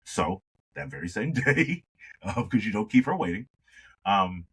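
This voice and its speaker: A man, a singer telling an animated story in a conversation and acting out the dialogue. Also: fairly low pitch, unhurried, slightly rough, poor audio. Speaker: singer, interview guest.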